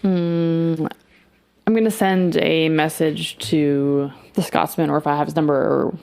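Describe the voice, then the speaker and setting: A woman playing in a tabletop game, easygoing and quick to laugh. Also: low voice, steady tone, vocal fry, darkish tone, clean tone. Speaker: player. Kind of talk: casual tabletop game chat.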